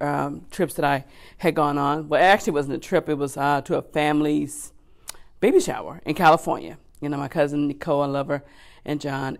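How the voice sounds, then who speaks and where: A woman telling a personal church testimony in a lively, conversational way, acting out her own thoughts with frequent "you know" and "okay.". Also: sits low, vocal fry. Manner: animated, acts out her own inner thoughts. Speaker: church member giving a testimony.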